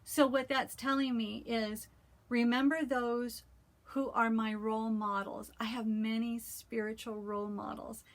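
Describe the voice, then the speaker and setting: Woman vlogger, higher-pitched voice, earnest, chatty, pausing often between thoughts. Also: level tone. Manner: earnest, heartfelt, many "um" pauses. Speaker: cross-stitch vlogger. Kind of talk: casual talk with scripture reading.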